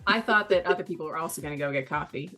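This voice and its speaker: A woman playing a tabletop game, amused and quick to laugh in casual chat. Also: deep voice, sharp tone, soft background music. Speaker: player.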